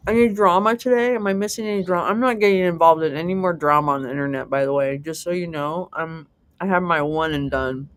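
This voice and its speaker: Talking fast with few pauses, a woman with a low voice runs a casual live stream. She's chatty and giggly, reading the chat out loud and cracking self-mocking jokes with casual swearing.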